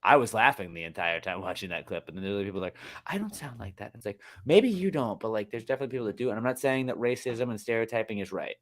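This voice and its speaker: A man's voice: lowish voice, expressive, rapid-fire, hardly any pauses. A young man co-hosting a casual podcast chat, rambling, swearing freely and slipping into silly voices. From Texas. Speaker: podcast co-host.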